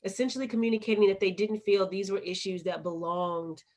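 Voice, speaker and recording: Her mid-range voice is a little mellow, with fairly even intonation and a slightly fast delivery. She's a poet and activist from the United States with a Chicago accent, earnestly and emphatically sharing her story as an interview guest.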